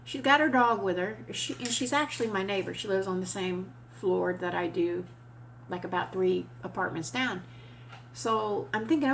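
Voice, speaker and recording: A woman's voice: medium pitch, normal speed, gravelly, a bit bright, a little hiss or hum. Chatty woman vlogger, swearing casually. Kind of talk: casual storytelling.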